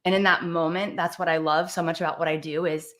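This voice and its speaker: Animated Southern American woman storyteller. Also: low-pitched, fast talker. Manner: animated storyteller with frequent laughs and restarts. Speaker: guest speaker, dance teacher. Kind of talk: conversational interview storytelling. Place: virtual event, video call. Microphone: video call microphone.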